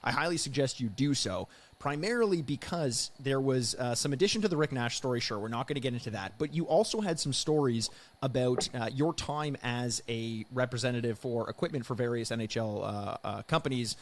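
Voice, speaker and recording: Male podcast host, mid-pitched, casual, teasing, rambling questions. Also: expressive, brisk. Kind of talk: casual interview.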